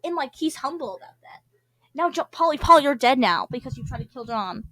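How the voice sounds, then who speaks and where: A woman's voice: high voice, animated, a little fast, fairly bright tone, dry recording. A young woman playing a story game, reading its text aloud and rambling with giggly asides that trail off mid-word. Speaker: gamer.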